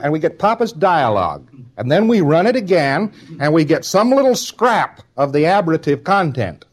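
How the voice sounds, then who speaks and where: A man delivering an informal spoken lecture in a conversational, wry manner, now and then acting out short quotes. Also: a little high.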